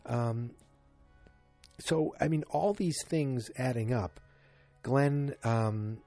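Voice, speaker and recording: A man's voice: mid-range voice, warm tone, dry recording, faint music behind. A man hosting a podcast, chatting through an episode recap and briefly acting out characters' lines. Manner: chatty, acts out characters' lines in quick voices. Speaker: podcast host.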